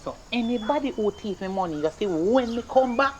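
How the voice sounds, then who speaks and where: A performer playing a stern, broke Jamaican mother who scolds her son in rapid patois. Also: medium pitch, expressive, a little hiss or hum, close to an everyday voice. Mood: scolding. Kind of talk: comedy skit acting.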